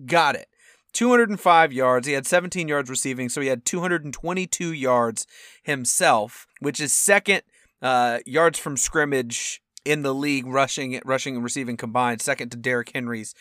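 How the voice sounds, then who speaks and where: A young man co-hosting a football podcast in casual chat, animated and acting out quotes with sudden loud outbursts. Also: mid-range voice, moderate pace, no room sound, studio quality. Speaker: podcast co-host.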